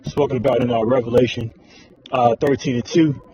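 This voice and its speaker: A man's voice: mid-range voice, steady tone, fairly quick, mellow. Man, religious commentary, rambling, many fillers, dull lo-fi sound, faint hiss. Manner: rambling with constant fillers like all right and man. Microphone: phone screen recording.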